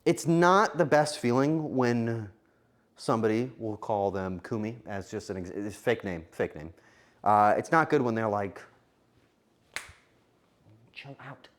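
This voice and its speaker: Speaking a little slowly in a fairly low voice, this male streamer cooks while chatting casually with his audience. His banter with the chat is playful and full of jokes.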